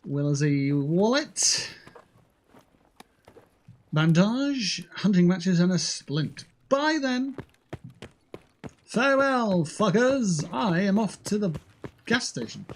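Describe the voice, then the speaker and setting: A game streamer with a mid-range voice chats to himself or herself while looting, very animated yet slow, with long pauses. The casual gameplay commentary is full of jokes and frequent swearing.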